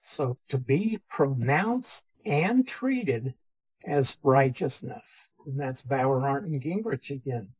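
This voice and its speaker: Slow, husky-voiced male Bible teacher. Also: medium pitch, animated, low-quality recording. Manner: methodical, defines terms and repeats key phrases. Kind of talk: theology lecture.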